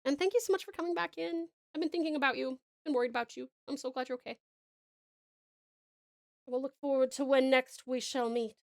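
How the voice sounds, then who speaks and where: An Australian woman from Tasmania chatting softly to viewers while she draws, affectionate and rambling with little chuckles. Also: high-pitched, steady tone, a little fast, creaky. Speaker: streamer. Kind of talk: casual livestream chat while drawing.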